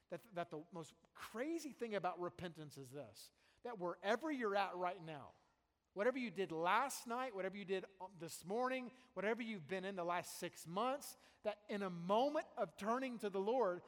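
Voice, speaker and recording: A man's voice: high-pitched, big-room sound. A man preaching a sermon to a congregation in a church, speaking emphatically and often repeating and restarting his phrases. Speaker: pastor. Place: church sanctuary before a congregation.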